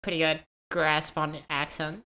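A woman co-hosting a casual podcast chat, joking dryly and pausing often on fillers. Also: sits low, little pitch movement, bright, forceful tone, slight background noise. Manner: dry, joking, hesitant with fillers.

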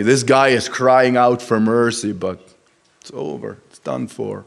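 A man's voice: medium pitch, gravelly. Earnest plain-spoken man preaching. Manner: earnest, halting, plain-spoken, with restarts and rising emphasis on quoted Scripture. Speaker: lay preacher. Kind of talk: sermon. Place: church service.

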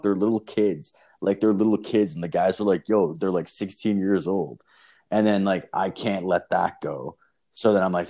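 Very deep-voiced profane man telling a story. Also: steady tone, brisk, darkish tone. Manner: profane, rambling, lots of fillers. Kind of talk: casual storytelling chat.

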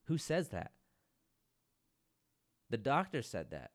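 A man's voice: medium pitch, huge pitch swings, slow. A man hosting his own podcast, talking in a rambling, self-mocking way, swearing often and saying "dude" a lot. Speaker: podcast host. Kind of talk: casual solo podcast monologue.

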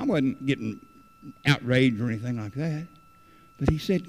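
A man's voice: medium pitch, expressive, normal speed, pauses often. A man preaching an earnest, rambling sermon in a church, often repeating and restarting his phrases.

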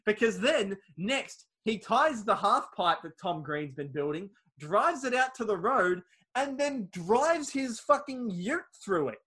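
Guy, high and bright voice, sweary casual film-recap podcast host. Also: expressive, a little slow, few pauses. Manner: swears freely, acts out quoted lines.

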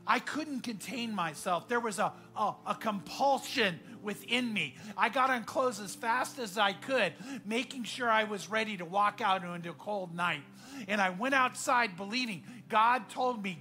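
A man preaching a sermon as pastor, telling a story earnestly and often dropping to a hushed voice. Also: high voice, moderate pace, faint music behind.

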